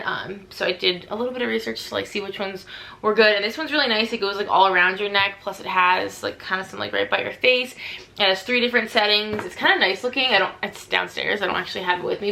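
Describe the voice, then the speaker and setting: A woman's voice: mid-range voice, creaky, pushed and bright. A young woman vlogging casually to camera, chatty and full of "like" fillers. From Southern US.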